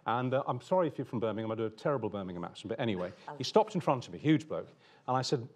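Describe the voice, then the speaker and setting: A middle-aged man, a TV presenter, telling an animated anecdote on stage and laughing often. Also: mid-range voice, very fast.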